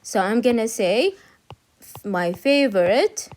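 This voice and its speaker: A woman's voice: fairly high pitch, animated, slow, darkish tone, a little hiss or hum. A woman English teacher, an Arabic speaker, patiently explaining grammar and repeating each point in English and Arabic. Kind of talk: grammar lesson, switching between English and Arabic.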